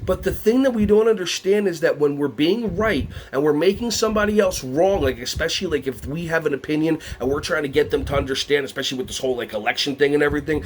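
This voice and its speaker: An animated man presenting a workshop for teachers, his voice sitting slightly high. He questions the audience and jumps into playful voices when he acts out what others say. Faint ambience hums under the recording. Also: slight background noise. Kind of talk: lively teacher workshop talk.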